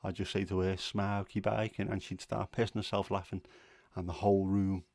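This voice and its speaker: A man's voice: low-pitched, flat delivery, a little fast, dark tone, no echo. A man hosting a casual livestream, chatty and opinionated, rambling with fillers. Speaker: livestream host.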